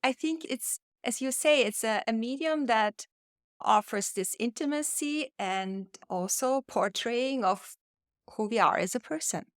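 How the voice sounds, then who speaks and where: A woman hosting a podcast interview, speaking in a slow, reflective way and laughing often. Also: fairly high pitch, clear, resonant tone, dry recording, clean studio sound. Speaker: podcast host. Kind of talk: conversational interview.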